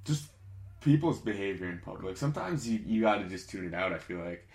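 A man's voice: sits low, expressive, fairly quick, a little mellow. A young man co-hosting a podcast, chatting in a laid-back way with dry reactions. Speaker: podcast co-host. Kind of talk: casual chat.

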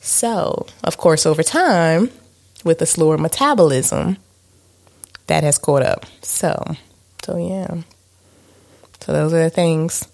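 A woman chats casually as a podcast co-host. She talks candidly and pokes fun at herself, with many fillers. Her voice sits fairly low and has a gravelly fry. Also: expressive, slow pace, long pauses, darkish tone. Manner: candid, self-deprecating, chatty with fillers. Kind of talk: casual chat.

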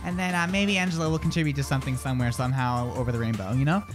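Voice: medium pitch, steady tone, racing, music in the background. A radio co-host, chatting casually on air in a giggly, rambling, jokey way. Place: radio studio.

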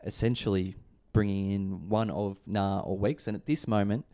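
A man's voice: lowish voice, steady tone, moderate pace, warm tone. A man hosting a casual fantasy basketball chat, leading the talk with jokey asides. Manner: chatty, leads the discussion, jokey asides. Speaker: podcast host.

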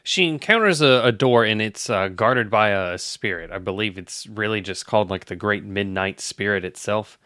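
Bright-voiced man, wry and pedantic. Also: lowish voice, normal speed, hardly any pauses, dry recording, studio quality. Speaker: podcast co-host. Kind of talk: casual storytelling chat.

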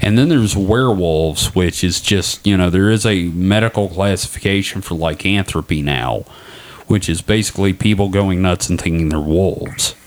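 Young man, podcast co-host, casual chat, low-ish voice, swears freely. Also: normal speed. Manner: loose and profane, joking.

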